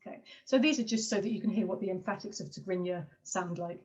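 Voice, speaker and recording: A woman giving an online academic seminar, hesitant, with frequent fillers and quick apologies as she juggles her slides. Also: medium pitch, darkish tone, dull audio. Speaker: linguistics lecturer.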